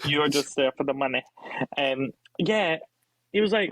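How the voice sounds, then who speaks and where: A man's voice: on the high side, lively intonation, moderate pace, a bit bright, no room sound, rough recording. A British man as podcast guest co-host, chatting playfully, giggling and acting out what people on a show said. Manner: giggly, playful, acts out quotes. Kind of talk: casual podcast chat.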